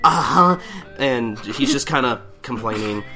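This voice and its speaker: A young male podcast co-host with a fairly low voice, at a moderate pace, recaps manga chapters. He rambles casually, keeps interrupting and restarting himself, and acts out the characters' lines.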